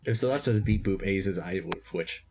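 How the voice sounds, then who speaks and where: A man playing in a tabletop game, animated, switching between his character and table chat. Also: fairly low pitch, normal speed, slight background noise. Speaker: player.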